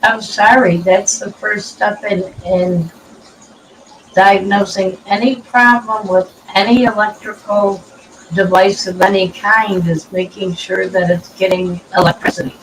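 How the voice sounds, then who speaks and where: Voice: medium pitch, steady tone, measured pace, fairly bright tone, far from the mic, slight background noise, rough recording. A panel guest chatting casually and matter-of-factly, often trailing off and restarting. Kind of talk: casual chat.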